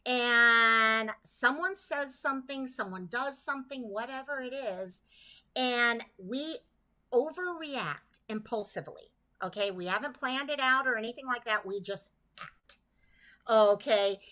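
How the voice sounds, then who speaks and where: A woman speaks with a crisp, bright tone, set a little high. She hosts a casual livestream for her community and keeps up an easy, chatty flow, pausing to greet viewers by name. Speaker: livestream host.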